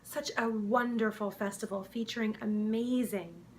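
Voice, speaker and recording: A woman's voice: mid-range voice, moderate pace, slight background noise, close to an everyday voice. A woman voicing a female documentary filmmaker who interviews an actress in an improv comedy mockumentary, gushing and enthusiastic.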